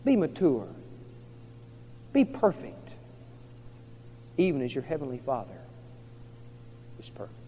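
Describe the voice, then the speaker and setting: A high-pitched male preacher delivers a sermon, dropping to a hush and then building to loud, dramatic retellings. The recording is dull and lo-fi, with long reverb from a large hall. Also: sing-song, measured pace, long pauses, slight background noise. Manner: dramatic storytelling, swinging from hushed to loud. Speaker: pastor.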